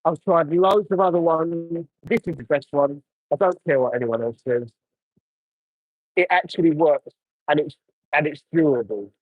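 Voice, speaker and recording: A man's voice: fairly high pitch, normal speed, no echo, narrow, tinny audio. A man chatting casually on a livestream, answering viewer comments while he cleans a car outdoors, talking into a phone. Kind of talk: casual live chat while working.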